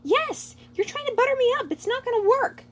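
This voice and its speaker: A woman's voice: on the high side, expressive, brisk, a little hiss or hum, close to an everyday voice. Woman playing a snappish hot-tempered turtle prince. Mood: irritated. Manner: irritated, snapping and loud. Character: short-tempered young male fire-wielding turtle prince.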